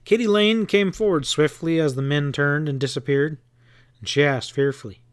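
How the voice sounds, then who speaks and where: A man reading a western novel aloud as audiobook narrator, in an even, unhurried storytelling manner. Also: a little high, clean tone, dry recording. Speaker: audiobook reader. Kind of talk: scripted narration.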